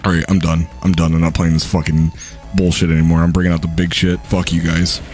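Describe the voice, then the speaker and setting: A young man livestreaming a shooter game, cursing and ranting excitedly at the screen in casual gaming talk. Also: deep voice, quick pace, over music. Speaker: streamer playing a shooter game.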